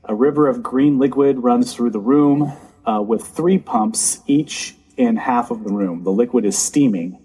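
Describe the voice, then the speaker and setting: Man, dungeon master, halting narration, mellow dark voice. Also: medium pitch, breathy edge. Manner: hesitant, many ums and uhs. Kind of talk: narrating a tabletop game.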